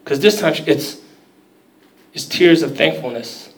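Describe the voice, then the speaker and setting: A man's voice: a little high, a little slow. Storytelling preacher man, echoey and distant. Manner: conversational storytelling preacher, dramatic quoted voices. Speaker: pastor. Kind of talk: sermon.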